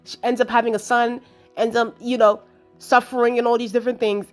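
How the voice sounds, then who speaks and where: A woman giving a casual, chatty film review, animated and exasperated as she retells the plot with lots of asides and laughter. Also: a little high, fairly quick, faint music behind. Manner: exasperated storytelling, acting out her own reactions.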